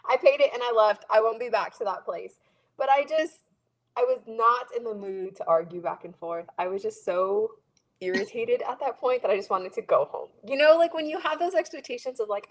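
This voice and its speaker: A woman co-hosting a casual chat, telling an animated story and acting out what others said. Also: fairly high pitch, normal speed, low-quality recording. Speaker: co-host.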